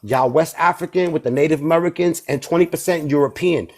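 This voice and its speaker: A man's voice: fairly high pitch, fast talker. Rambling, defensive New York man. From Puerto Rico. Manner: rambling, defensive, flares into shouting. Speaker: debate participant. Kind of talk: heated live online debate.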